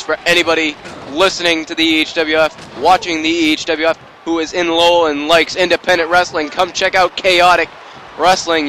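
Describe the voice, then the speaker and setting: A man calling wrestling play-by-play in an excited, rambling amateur style, full of asides and self-corrections. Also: fairly high pitch, a little hiss or hum, poor audio. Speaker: play-by-play commentator.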